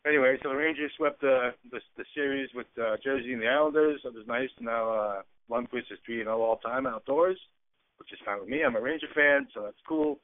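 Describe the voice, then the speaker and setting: Fast-talking male sports radio co-host. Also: mid-range voice, slight background noise. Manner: fast, rambling, stumbles and self-corrects. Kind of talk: casual sports radio chat. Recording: phone-like narrow band.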